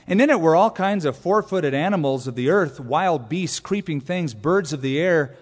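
A man preaching a sermon, animated, acting out quotes with asides to the congregation. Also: a little high, moderate pace. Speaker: pastor. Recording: long reverb of a church hall.

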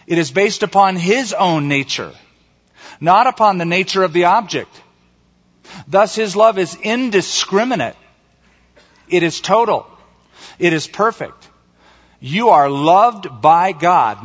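A male pastor preaching a sermon emphatically, slowing down and stretching out the key words. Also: a little high, a bit bright. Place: church sanctuary. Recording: echoey hall, slightly dull sound.

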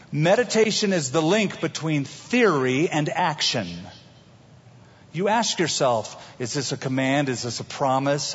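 A man preaching a sermon as pastor, telling it in an animated way with homey everyday examples. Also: on the high side, husky. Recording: dull recording with long hall reverb.

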